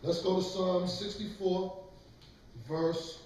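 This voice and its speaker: A man's voice: high-pitched, fairly even intonation, takes it slowly, darkish tone, slight background noise. A man preaching and leading a scripture class, lecturing emphatically and calling on others to read. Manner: emphatic, lecturing, calls for readings. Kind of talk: preaching sermon. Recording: echoey room, mic far off.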